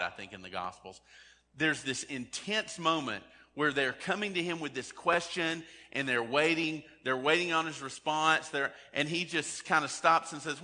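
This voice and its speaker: A man's voice: fairly high pitch, expressive, normal speed, bright, forceful tone, in a large hall. A man preaching a sermon in a conversational way, often acting out the people he quotes. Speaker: pastor.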